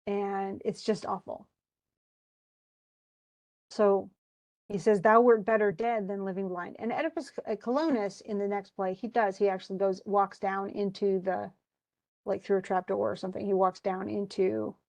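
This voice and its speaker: A woman's voice: mid-range voice, gravelly, darkish tone. A woman teacher casually retelling a tragedy for her class in a chatty way, with many restarts. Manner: chatty, restarts often, wistful about the tragedy. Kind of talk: casual lecture retelling a play.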